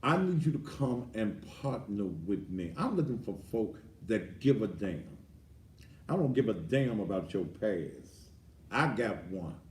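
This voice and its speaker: A man's voice: lowish voice, sing-song, a little slow, a little mellow. A middle-aged man, a pastor giving a blunt, fiery sermon-style address with profanity. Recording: roomy echo, distant from the mic.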